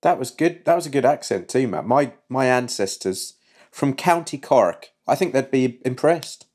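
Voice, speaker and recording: A man's voice: medium pitch, animated, moderate pace, a little mellow. A man co-hosting a casual science chat, reacting playfully with quips. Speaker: podcast co-host.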